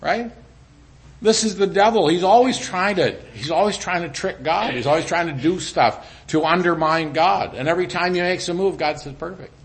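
A middle-aged man preaching a sermon in an animated way, dropping to a hushed voice when he speaks as God. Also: high-pitched, normal speed. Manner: animated preaching, drops to a quiet voice for God's lines. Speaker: pastor.

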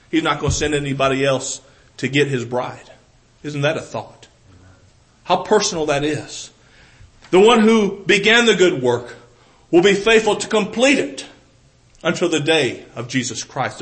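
Earnest Southern preacher, fairly high voice. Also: male voice, rough recording. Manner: earnest, repeats and restarts, swings from loud emphasis to soft intimate tones. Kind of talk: sermon.

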